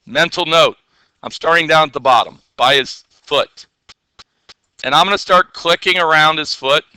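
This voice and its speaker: Chatty and playful, a man teaches a software class, often pausing to check in with his students and put questions to them. He talks at a moderate pace in a slightly high, very bright, clean voice. The sound is close and dry, without echo.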